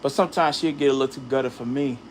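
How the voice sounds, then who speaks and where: A man's voice: medium pitch, rapid-fire, a little hiss or hum. A man ranting in a casual vlog, talking straight to his viewers with slang and heat. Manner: animated, heated, addresses viewers directly with slang. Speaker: channel host.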